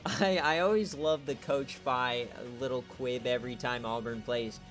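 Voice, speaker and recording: Joking, excitable male game streamer. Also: mid-range voice, slow pace, long pauses, faint music behind. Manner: joking, trash-talking, gets loud and excited at big plays. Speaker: online league host and streamer. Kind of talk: casual live-stream game commentary.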